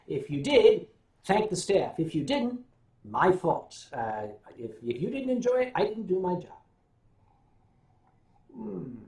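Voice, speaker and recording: This livestream host, an older American man, rambles through wry stories, hums to himself and takes viewers' questions. He has a high, slightly mellow voice, recorded with roomy echo.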